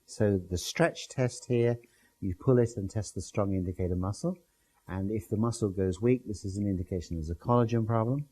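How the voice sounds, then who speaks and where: A man lectures a class in a low, husky voice, walking listeners through slides step by step. His tone is dark and mellow, and he explains with plain everyday comparisons. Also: fairly quick, poor audio.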